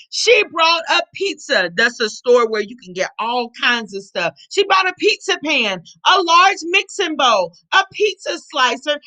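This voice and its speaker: A woman's voice: high voice, sharp tone, rough recording. A woman teacher reading a picture book aloud to children, explaining words and asking her listeners questions. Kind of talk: animated storybook read-aloud.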